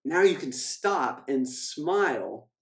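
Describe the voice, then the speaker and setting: A man, a financial coach, giving an emphatic motivational scripture talk, repeating key phrases and slowing down to read verses. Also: fairly high pitch, big pitch swings, fairly bright tone. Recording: echoey room.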